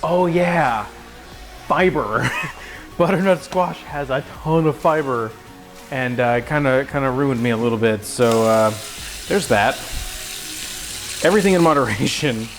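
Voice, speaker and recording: A man's voice: mid-range voice, a little slow, faint music behind. A young man hosting a cooking livestream from his home kitchen, joking with viewers in a goofy, self-mocking way. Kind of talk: casual cooking livestream chat.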